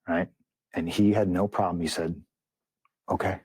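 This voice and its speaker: Deep-voiced man telling a blunt story. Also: fairly even intonation, normal speed, darkish tone, husky, no echo. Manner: blunt, profane storytelling, acting out quotes. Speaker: interview guest. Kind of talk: interview storytelling.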